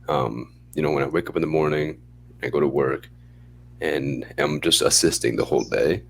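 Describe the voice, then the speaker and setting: A young man co-hosting a podcast in casual chat, relaxed and rambling, often laughing as he talks. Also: rumbling low. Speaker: podcast co-host.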